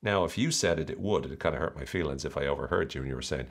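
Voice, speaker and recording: A man hosting a motivational podcast, talking in a playful, animated way and acting out voices. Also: rumbling low, quick pace. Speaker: podcast host.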